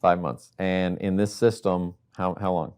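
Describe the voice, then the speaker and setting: A man hosting a podcast interview, relaxed and affirming, asking his guest leading questions. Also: low voice, unhurried, smooth. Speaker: podcast host.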